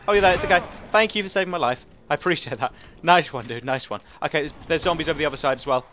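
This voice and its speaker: Excitable young Englishman, quick high voice. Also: slight background noise. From England. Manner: excitable, rambling, chatty, laughs often. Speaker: gaming commentator. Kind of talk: casual gameplay commentary.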